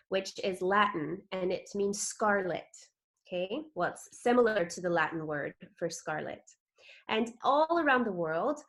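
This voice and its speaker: Upbeat Texan woman teaching online. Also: medium pitch. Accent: Texan American. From Texas, USA. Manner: upbeat, chatty teaching with checking questions. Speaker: club director teaching an honor. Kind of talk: online class presentation. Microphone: video call.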